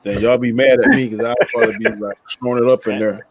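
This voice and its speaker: A man's voice: mid-range voice, steady tone, quick pace, crowd noise. A man joking on a live stream, speaking in a loose, colloquial way and teasing the others. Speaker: guest co-host. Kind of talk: casual live-stream chat.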